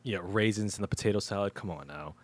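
A man's voice: lowish voice, fast talker, no echo. A man co-hosting a casual podcast, reviewing a movie in a rambling, slangy way with lots of restarts. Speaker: podcast co-host.

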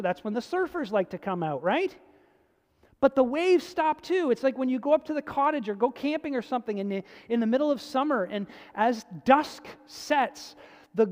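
A preacher talks through a sermon as if chatting with the congregation, leaning hard on some words and then dropping to a near hush. The voice sits in a middle register, and a long reverb trails every phrase as it fills a large church hall. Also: mid-range voice. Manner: conversational preaching, swinging between emphatic and hushed. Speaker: pastor.

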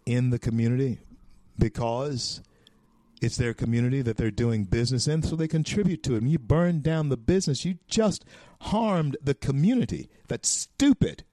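Clean studio sound with no echo carries a mellow, mid-range male voice: an American talk show host in a folksy, preachy opinion monologue, stretching out phrases for emphasis.

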